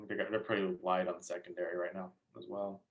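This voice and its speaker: A man's voice: low voice, flat delivery, a little fast, phone-quality sound. Young man, blunt sports co-host. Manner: blunt, offhand. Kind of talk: casual sports chat.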